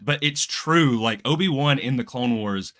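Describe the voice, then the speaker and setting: A man's voice: medium pitch, normal speed, fairly bright tone. A man co-hosting a casual book club livestream, talking animatedly with many restarts and laughs.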